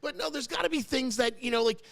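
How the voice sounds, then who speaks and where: High-voiced rambling storyteller man. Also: fast talker, vocal fry, fairly bright tone. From New Jersey. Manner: rambling storyteller, repeats words, gets choked up. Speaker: host. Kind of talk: casual chat.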